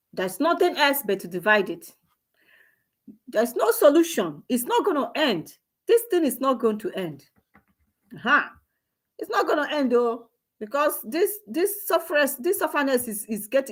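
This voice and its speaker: An online commentator with a Nigerian accent speaks at normal speed in a fairly high, very animated voice. Her monologue is emotional, exclamatory and preachy, full of repetition and cries out to God.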